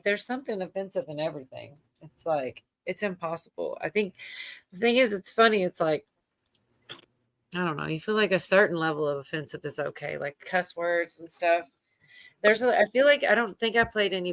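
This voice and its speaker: A woman host chatting casually on a late-night livestream, wandering from point to point with lots of ums and likes and frequent laughter. Her voice sits a bit low and the sound is close and dry. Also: a little fast, dry recording. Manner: rambling, laughs often, many fillers. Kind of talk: casual chat.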